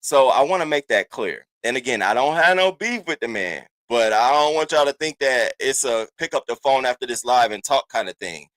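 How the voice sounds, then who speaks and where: A man's voice: mid-range voice, normal speed, hardly any pauses, no echo. Guy running a live stream, swears a lot, greets chat by name, aave, dry close sound. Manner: animated, profane, shouting out chat names. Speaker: livestream host. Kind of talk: casual livestream chat.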